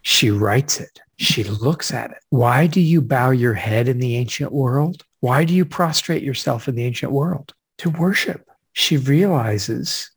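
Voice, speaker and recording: A man, a guest author and speaker, in an enthusiastic literary discussion, stressing his points and slowing down to read quotations with weight. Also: mid-range voice, husky.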